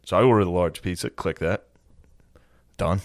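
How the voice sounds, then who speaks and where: A man's voice: low-pitched, normal speed, no echo, studio quality. A young man on a podcast, telling a profane story with lots of energy and acting out other people's voices. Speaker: podcast co-host. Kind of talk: casual storytelling chat.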